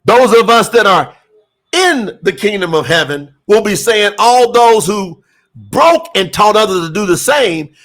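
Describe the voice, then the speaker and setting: A man preaching an impassioned sermon, repeating phrases for emphasis and reading scripture slowly. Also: sits high, very animated, a bit bright. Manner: reads scripture slowly, word by word. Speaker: preacher promoting a scripture translation.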